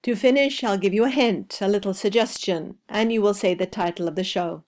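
A woman leading a listen-and-repeat pronunciation drill, saying each word slowly and clearly. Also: mid-range voice, a little mellow. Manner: slow, deliberate, clearly spaced words. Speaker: language teacher. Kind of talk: slow scripted pronunciation drill.

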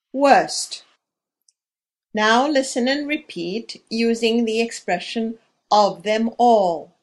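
A woman teacher reading a scripted grammar drill, enunciating carefully with pauses for the listener to repeat. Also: fairly high pitch. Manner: slow, measured, carefully enunciated with pauses for repetition. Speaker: language teacher.

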